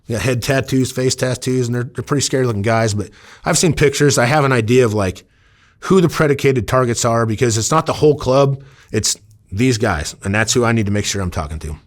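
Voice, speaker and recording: A former undercover officer from Iowa, USA, tells stories casually in an interview, his medium-pitched voice lively in intonation and fairly quick. He rambles with lots of fillers and acts out the dialogue he quotes.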